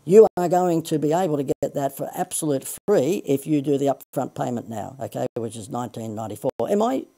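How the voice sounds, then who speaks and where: Gravelly, mellow Australian man pitching. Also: a little fast. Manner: chatty, self-deprecating, salesy. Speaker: marketing coach. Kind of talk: livestream sales pitch.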